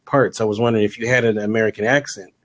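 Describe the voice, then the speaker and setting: A man's voice: on the low side, steady tone, racing, a bit bright. A man interviewing an actor, asking rambling questions with many fillers. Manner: rambling, repeats himself while asking.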